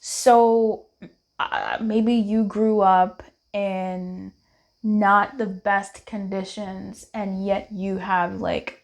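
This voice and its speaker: A young woman giving a casual, playful tarot card reading, chatty and quick to laugh, calling her viewers babe. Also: medium pitch, little pitch movement, vocal fry.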